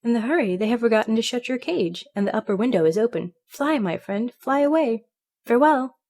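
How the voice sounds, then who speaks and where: A woman's voice: a little high, fast, darkish tone. Storybook canary, male, poetic and homesick, read by a woman. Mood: wistful.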